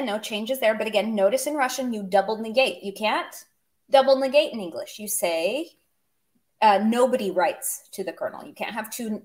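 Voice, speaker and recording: Chatty woman teaching a language lesson. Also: fairly high pitch. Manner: chatty, explains with humor and asides. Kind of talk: casual online language lesson.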